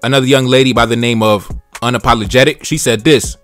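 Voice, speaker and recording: A man's voice: mid-range voice, steady tone, quick pace, fairly bright tone, soft background music. A man in his twenties giving blunt, slangy reaction commentary, repeating phrases for emphasis. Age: 20s. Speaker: YouTube commentator.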